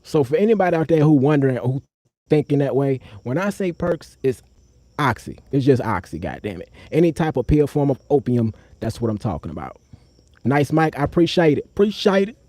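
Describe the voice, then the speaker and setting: A man's voice: very animated, a little fast, no room sound. A young man telling a personal story on a live stream, in a loose, slangy way, breaking off to talk to the chat. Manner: acts out other people's voices with sharp jumps up in pitch.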